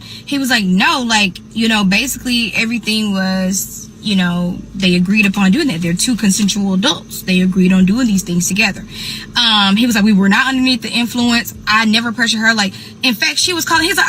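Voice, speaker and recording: A young woman tells a casual storytime, animated, calling her listeners y'all and acting out what others said. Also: medium pitch, normal speed, slight background noise, rough recording. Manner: animated, addresses listeners as y'all, acts out quoted people. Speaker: host.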